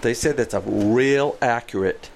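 Gravel-voiced male co-host, emphatic, conversational, faint hiss in background. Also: medium pitch, measured pace. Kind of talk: casual chat.

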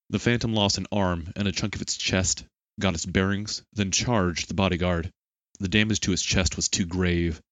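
A man reading an action novel aloud in steady, measured audiobook narration. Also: sits low, no echo.

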